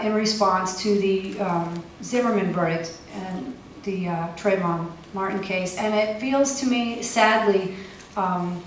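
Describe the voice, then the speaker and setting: A woman's voice: mid-range voice, a little hiss or hum. A woman poet giving a live poetry reading with a wry, pointed delivery and casual asides between poems. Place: poetry festival venue. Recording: echoey room, mic far off, faint ambience.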